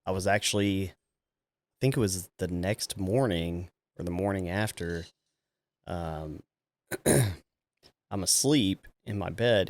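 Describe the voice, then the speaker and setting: Deep-voiced Texan man telling stories. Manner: laughing, animated storytelling with acted quotes. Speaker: police officer guest. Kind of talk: casual storytelling interview.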